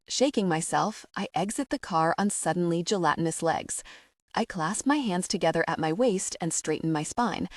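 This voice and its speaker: A woman narrating a first-person romance audiobook, flustered and breathy in tone. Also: lowish voice, no room sound, studio quality.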